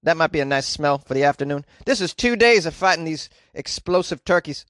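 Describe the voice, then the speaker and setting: A man's voice: fairly high pitch, lively intonation, brisk, fairly bright tone, dry recording, studio quality. A man who is a comedian hosting a daily news podcast, recorded in a small closet, riffing in a jokey, playful way.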